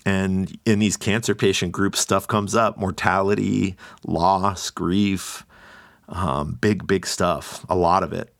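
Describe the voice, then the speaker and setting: A man's voice: low voice, little pitch movement, unhurried, no echo, studio quality. A man hosting a podcast, giving a heartfelt solo introduction in an earnest, openly emotional way, often laughing. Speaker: podcast host.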